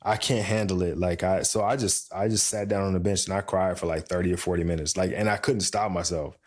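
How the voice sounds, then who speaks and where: A middle-aged man on a podcast, chatting casually and telling an animated story, acting out the voices of the people in it. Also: low voice, fairly quick. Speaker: podcast co-host. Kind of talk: casual chat.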